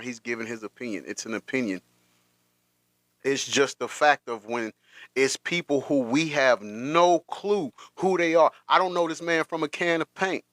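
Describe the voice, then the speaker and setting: A man hosts a commentary stream, reacting to clips with rising emotion. His voice sits at an ordinary pitch and comes through dry and close. He circles back and repeats himself as he talks. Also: bright, forceful tone, no echo. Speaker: host.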